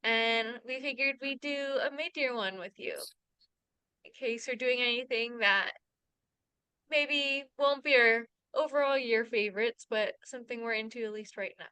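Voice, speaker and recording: A woman co-hosting a casual podcast, her voice bright and crisp in a fairly high register. She tells stories in a chatty way and laughs often, and her voice sounds dry and close to the mic. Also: moderate pace, dry recording, rough recording. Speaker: podcast co-host. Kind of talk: casual chat.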